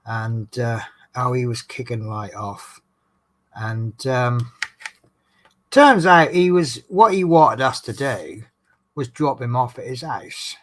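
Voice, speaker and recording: A man's voice: mid-range voice, expressive, slow pace, slight background noise. A man, a bus driver, chatting casually to a live stream chat about his shifts, rambling and reading chat names aloud. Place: indoors at home, crafting in the dark.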